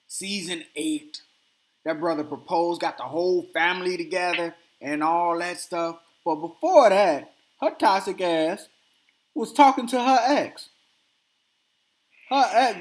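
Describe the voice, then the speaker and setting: A man hosting a podcast, telling a story in casual chat and acting out the quotes with animated energy. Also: high voice. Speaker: podcast host.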